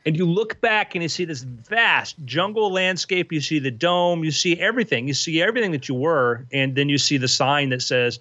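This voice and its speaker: A man's voice: fairly high pitch, moderate pace, hardly any pauses, bright, forceful tone, dry recording. A man narrating a comedic tabletop game as game master, with dry, offhand asides. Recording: dull, lo-fi podcast audio.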